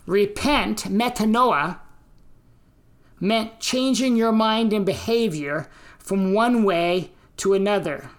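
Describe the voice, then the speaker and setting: Slow, deliberate American woman preacher. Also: mid-range voice. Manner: slow, deliberate teaching delivery with emphatic quotes. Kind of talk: sermon on scripture and history.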